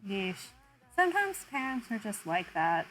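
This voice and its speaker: A woman's voice: mid-range voice, sing-song, a little slow, a bit bright, faint music behind, rough recording. A young woman streamer chatting casually with viewers, self-deprecating and laughing often. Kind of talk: casual chat with viewers while drawing.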